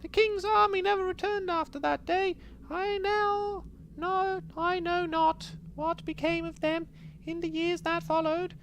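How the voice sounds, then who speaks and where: A man voicing a weary, lonely old male monk in a strained high voice while reading game text aloud. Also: level tone, a little slow, fairly bright tone, slight background noise, exaggerated voice. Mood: solemn.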